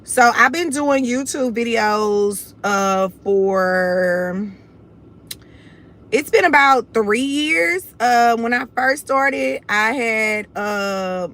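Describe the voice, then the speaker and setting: A woman's voice: medium pitch, a bit bright. Houston woman live on stream, chatty, real confident, straight talking. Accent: Southern US, Houston. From Houston, Texas. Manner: confident, blunt, addresses viewers as y'all. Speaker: livestream host. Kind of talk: casual livestream chat.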